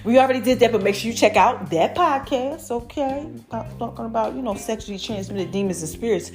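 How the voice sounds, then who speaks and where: A young adult woman talks straight to her listeners as a podcast host, chatty and animated. Her voice sits fairly high and jumps up and down in pitch, drawing out her exclamations. Faint music plays quietly behind her. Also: a little fast. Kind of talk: casual chat.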